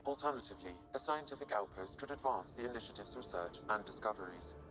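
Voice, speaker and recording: An actor playing a calm, formal AI assistant in a game, speaking matter-of-factly. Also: male voice, fairly low pitch, fast talker, natural voice, rough recording. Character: calm male AI ship assistant.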